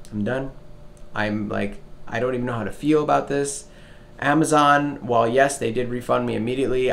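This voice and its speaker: A young vlogger tells a story to camera in a casual rant, swearing freely and swinging between loud outbursts and low mutters.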